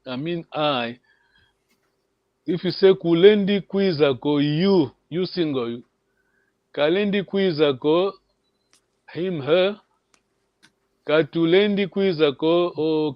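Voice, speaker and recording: A man leads an online language lesson with a fairly high voice, cheering his students on and repeating words. His laughter comes often. The audio is dry and a little dull, like a video call. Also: no echo. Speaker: language teacher.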